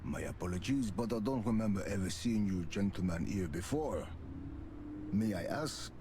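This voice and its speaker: An actor playing a towering, formally courteous bull bouncer in a game. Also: male voice, deep voice, expressive, normal speed, noisy background. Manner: formal, courteous, calls everyone gentlemen or sir. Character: towering polite bull bouncer at a club door. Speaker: game character.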